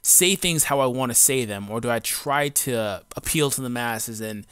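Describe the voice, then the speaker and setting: A man's voice: mid-range voice, moderate pace, a bit bright, clean tone, no room sound. Blunt, defiant man ranting on a dry mic. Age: adult. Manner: blunt and defiant, slangy with frequent profanity; loose rambling talk with many fillers. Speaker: gaming YouTuber. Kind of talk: casual unscripted rant to camera. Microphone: home recording mic.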